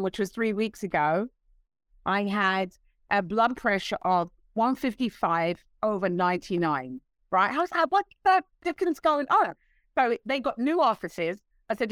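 A woman in her sixties, a guest telling stories in a casual interview, animated and laughing, acting out what others said. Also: mid-range voice, no room sound. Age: 60s. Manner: animated, laughing, acts out quoted voices.

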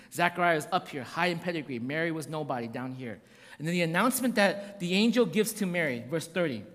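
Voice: mid-range voice, fairly bright tone. A preacher giving a conversational sermon, with slangy asides and frequent check-ins with the listeners. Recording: long hall reverb.

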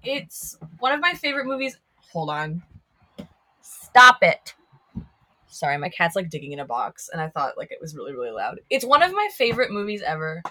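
Woman from Minnesota, podcast guest, bright voice, lively pitch, giggly casual chat. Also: fast talker, hardly any pauses. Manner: chatty, giggly, many "like" fillers. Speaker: podcast guest, staff writer.

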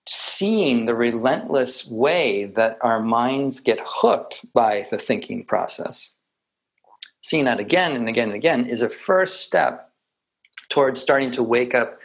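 A man giving a reflective meditation talk with light humor, often pausing and restarting his sentences. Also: medium pitch, creaky, poor audio. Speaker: meditation teacher.

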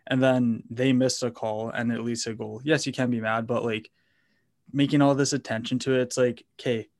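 A man's voice: medium pitch, level tone, a little fast, a little mellow. A man co-hosting casual sports chat, matter-of-fact and conversational.

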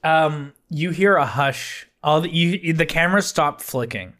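A man's voice: on the high side, measured pace, fairly bright tone, faint music behind. A man narrating as game master in a loose, chatty way, often laughing.

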